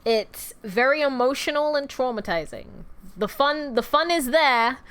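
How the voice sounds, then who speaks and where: A young woman chatting on a livestream, rambling and restarting thoughts as she goes. Her voice sits slightly high, and her tone stays casual and talkative. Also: lively intonation, unhurried, fairly bright tone, clean tone. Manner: chatty, rambling, self-interrupting, laughs easily. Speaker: streamer.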